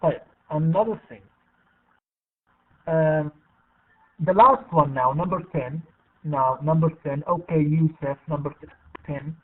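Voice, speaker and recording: This is a fairly high-voiced man, running an online English class and patiently repeating names and words. His voice comes through a tinny, phone-like call line. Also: a little slow, long pauses, far from the mic. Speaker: English teacher. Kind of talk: online class, calling on students. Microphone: online video call.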